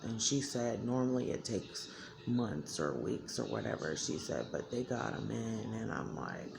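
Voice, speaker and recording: A woman's voice: very deep voice, big pitch swings, measured pace, creaky, background noise. A woman talking candidly to her viewers in a blunt, emotional way, swearing freely. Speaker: vlogger. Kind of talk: candid talk to camera.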